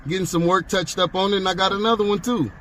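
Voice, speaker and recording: A man's voice: high voice, steady tone, quick pace, sharp tone, a little hiss or hum. A man in a parked car arguing with police in a defiant, irritated way, cursing often. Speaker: driver filming a police stop. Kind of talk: confrontational argument with police. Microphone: handheld recording camera.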